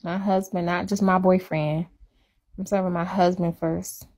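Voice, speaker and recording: A woman's voice: lowish voice, little pitch movement, a little slow, a little mellow. Woman rambling in casual livestream talk. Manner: rambling, self-deprecating, repetitive.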